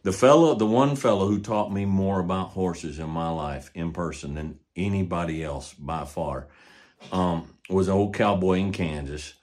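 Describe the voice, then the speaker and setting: An older man with a very low voice talks in a casual monologue about horses and ranch life. He is folksy and plainspoken and repeats his points for emphasis. He runs the show on his own. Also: moderate pace, a little mellow. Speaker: podcast host, rancher and horse trainer.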